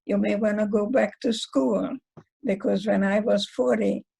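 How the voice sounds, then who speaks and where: An elderly woman speaks slowly and deliberately, her voice gravelly with deep fry and heavily husky. She is a psychologist giving a talk, whose first language is Hungarian, and she weaves stories into short sayings. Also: steady tone, dark tone, low-quality recording. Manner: slow, deliberate storytelling with aphorisms.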